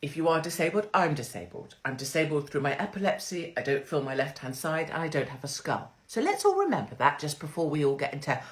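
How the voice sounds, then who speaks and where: A woman's voice: low-pitched, big pitch swings, fairly quick, hardly any pauses. A middle-aged woman, hosting a crude, sarcastic livestream monologue from home on her phone. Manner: brash, crude, sarcastic, swears freely. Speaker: livestream host.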